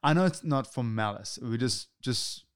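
Smooth-voiced earnest male podcast host. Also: medium pitch, expressive, normal speed, no room sound, studio quality. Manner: earnest, repeats himself, many restarts. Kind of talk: casual podcast conversation.

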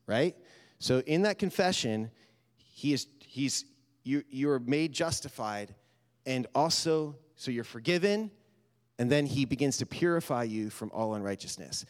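A man preaching a sermon, telling a story and urging his listeners, talking casually and building to loud, animated exhortation. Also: medium pitch. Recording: reverberant hall.

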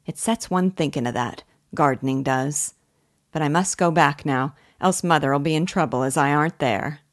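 Eager young country gardener, earnest and helpful, voiced by a woman, a touch brighter. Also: low-pitched, normal speed, natural voice. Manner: earnest, rustic talk.

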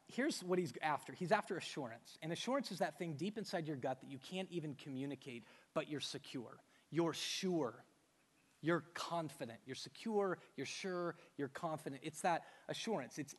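A man with a high voice preaches an emphatic sermon, firing off rhetorical questions and hammering home repeated phrases. His voice rings with the long reverb of a large church hall. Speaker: pastor.

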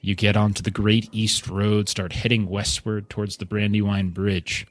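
A man narrating a tabletop game as game master, relaxed and halting, with frequent fillers. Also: lowish voice, no room sound.

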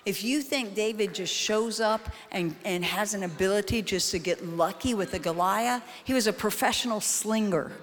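A woman's voice: medium pitch, normal speed, few pauses. A woman preaching a sermon, folksy and talking straight to the crowd, building into a rhythmic, chant-like exhortation. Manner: folksy, direct address to the crowd.

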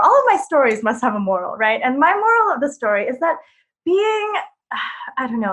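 A young woman telling a personal story on stage, animated, with many fillers, acting out quoted lines loudly. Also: fairly high pitch.

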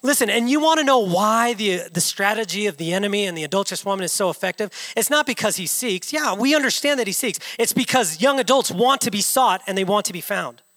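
A man's voice: sits high, expressive, fast, hardly any pauses, sharp tone. A man in his thirties preaching a passionate sermon, full of rhetorical questions. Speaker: pastor. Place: church hall. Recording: reverberant church hall.

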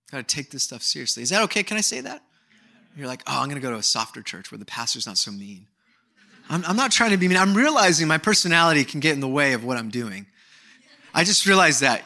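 Preaching with a high voice, this middle-aged pastor is frank and lively. His sermon breaks now and then into imitated voices and shouts.

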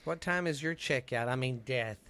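A man, co-hosting a podcast, joking through ghost stories in a relaxed chat. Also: medium pitch, normal speed. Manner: joking, wisecracking asides. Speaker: podcast co-host. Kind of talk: casual chat with jokes.

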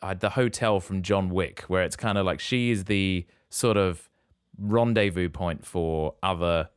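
A man's voice: sits low, unhurried, clear, resonant tone, no echo, studio quality. A man co-hosting a podcast, recapping a film plot in casual, teasing chat. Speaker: podcast co-host.

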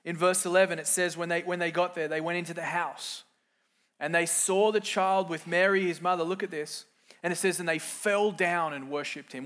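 Higher-voiced pastor preaching emphatically. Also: male voice, steady tone, fairly quick. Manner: builds from quiet to loud and emphatic, acts out quoted voices. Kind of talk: sermon.

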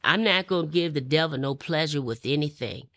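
Low-voiced woman telling her testimony. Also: fairly quick, no echo, clean studio sound. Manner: animated, acts out the people in her story. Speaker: interviewee. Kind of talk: personal testimony storytelling.

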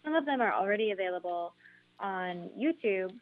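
A woman musician being interviewed on the radio, speaking earnestly and pausing with ums. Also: mid-range voice, expressive, narrow, tinny audio. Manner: earnest, measured, with frequent ums. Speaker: guest musician.

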